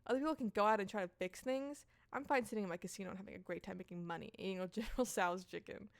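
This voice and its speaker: A woman's voice: mid-range voice, very fast, gravelly, no echo, close to an everyday voice. A woman voicing a flippant, carefree woman who spends her time at a casino, in a dating game.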